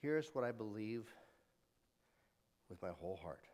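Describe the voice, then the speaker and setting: A man's voice: on the low side, expressive, measured pace, in a large hall. A man preaching a sermon as pastor, retelling scenes dramatically and leading the congregation in repeating scripture. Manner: dramatic retelling with swings from loud to hushed; leads congregation in call-and-response repetition.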